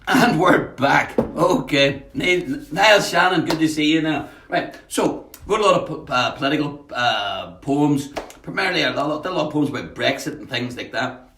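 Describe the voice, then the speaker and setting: A man's voice: a little high, lively intonation, normal speed, a bit bright, slight background noise. A man, a poet hosting a home livestream, chatting casually, greeting viewers by name with many fillers between readings. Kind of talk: casual live-stream chat and poetry reading. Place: at home, in a house. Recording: echoey room, voice off-mic.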